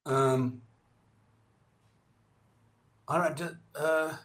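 A man's voice: a little high, fairly even intonation, drawn-out words, fairly bright tone. An Australian man hosting a casual podcast chat, ranting with heavy swearing. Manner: profane, ranting.

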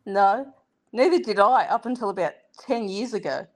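A woman from Sydney with an Australian accent, co-hosting a casual comedy chat, exasperated and quick to swear. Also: animated. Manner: exasperated, swears freely, swooping pitch. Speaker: podcast co-host.

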